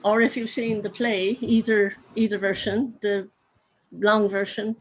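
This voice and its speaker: A woman's voice: medium pitch, flat delivery, measured pace, slight background noise, rough recording. A woman with a Cork accent, an author chatting over a video call, rambling with lots of asides. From Ireland. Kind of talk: casual conversation.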